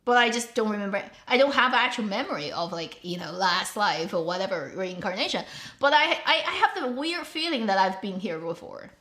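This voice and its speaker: A woman's voice: medium pitch, animated, a little fast, fairly bright tone. A woman hosting her own show, chatting casually in a rambling way and laughing often. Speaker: host. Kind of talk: casual chat. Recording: roomy echo.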